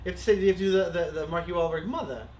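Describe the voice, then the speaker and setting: High-voiced, easygoing male host. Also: rapid-fire, slight background noise. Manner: relaxed, reads out viewer comments. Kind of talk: casual livestream chat.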